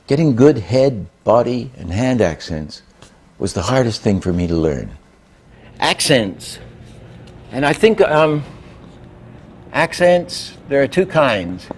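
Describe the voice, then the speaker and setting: A man giving an animation lecture, telling anecdotes and acting out examples, often trailing off into quiet asides. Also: mid-range voice, very animated, slow pace, long pauses, husky. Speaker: animation teacher.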